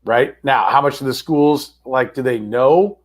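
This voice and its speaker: A man co-hosts a casual sports podcast at a middle pitch. He tells anecdotes in a chatty way and drops into other people's voices as he goes. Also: unhurried. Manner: chatty anecdote teller, acts out quoted voices. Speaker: podcast co-host. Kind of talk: casual sports talk, storytelling.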